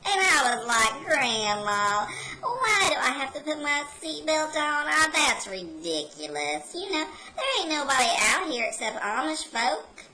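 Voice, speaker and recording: A brash, rebellious hillbilly carny gal played by a woman rambles through a folksy yarn in a drawl. The voice sits fairly high and sounds bright and sharp. A faint hiss runs under it. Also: big pitch swings, a little slow, exaggerated voice, poor audio. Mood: rambling. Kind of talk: comedic character monologue to camera.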